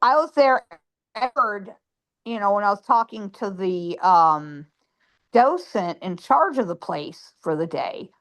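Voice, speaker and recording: A woman guest on a phone, telling a ghost story in a lively way and acting out her own lines. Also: mid-range voice.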